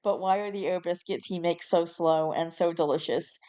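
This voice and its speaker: Woman, host, reads posts aloud, dramatic, mock-solemn, casual asides, lowish voice. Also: steady tone, normal speed, mellow. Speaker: host reading online posts. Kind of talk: reading a post aloud to camera.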